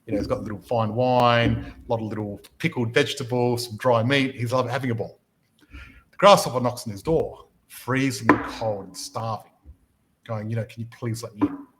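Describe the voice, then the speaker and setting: A man hosts a motivational podcast with a lot of energy. He often stumbles over the first words of a sentence before he gets going. His voice sits at an ordinary middle pitch. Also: normal speed, low-quality recording. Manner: energetic, repeats words when starting sentences, storytelling. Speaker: podcast host and property mentor.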